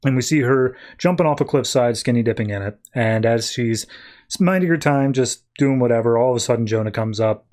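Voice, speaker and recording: A man on a podcast casually recapping a comic book plot, rambling with lots of fillers and quick offhand quotes. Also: mid-range voice, a little mellow.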